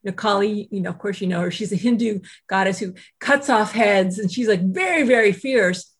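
A woman who writes and teaches self-compassion, telling a personal story in a casual interview, animated and full of "you know" asides. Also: mid-range voice, a little fast, slightly rough. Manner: animated, acts out quoted voices, frequent "you know" asides.

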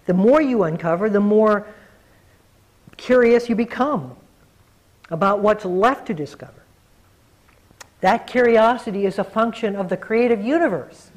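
A man's voice: sits high, poor audio. Earnest man giving a dharma talk. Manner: reflective, earnest, slows down to stress key words. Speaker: meditation teacher. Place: meditation hall talk before a group.

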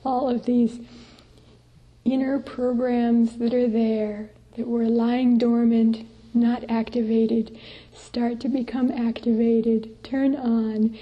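A woman, a Buddhist nun, giving a dharma talk to a meditation group, gentle and unhurried, sometimes sinking to soft breathy asides. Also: on the high side, level tone, lo-fi sound.

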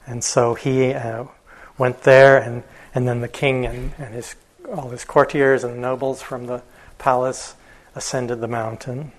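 A male meditation teacher telling a story in a dharma talk, relaxed, with fillers and chuckles. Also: medium pitch, a little slow, rough recording.

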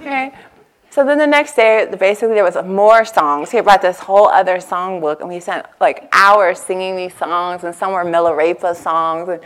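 A woman's voice: fairly low pitch, moderate pace, few pauses. A woman meditation teacher giving a dharma talk to a retreat audience. She tells stories in a casual, chatty way, full of "like" and "you know", and acts out her own past thoughts with laughter. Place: meditation hall before a live audience.

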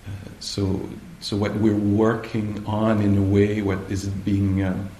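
A man giving a dharma talk at a meditation retreat, slow and hesitant, often pausing to search for the right words. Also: fairly low pitch, monotone, dark tone, a little hiss or hum. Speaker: meditation teacher. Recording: echoey room, faint ambience.

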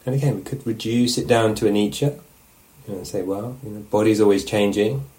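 A man teaching meditation, giving a relaxed, musing dharma talk at a retreat and often checking in with his listeners. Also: on the low side, brisk, rough recording. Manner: reflective, musing, asks questions of the listeners. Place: meditation hall.

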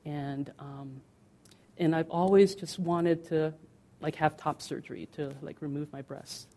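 A middle-aged woman meditation teacher speaks in a low register with a soft, warm tone. Her dharma talk is conversational and candid, peppered with fillers. She lingers slowly on the words she wants to land. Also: fairly even intonation. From United States.

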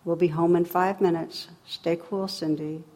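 A woman doing a calm, soothing old grandmother. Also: on the low side, unhurried. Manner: controlled, soothing. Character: calm, patient elderly grandmother.

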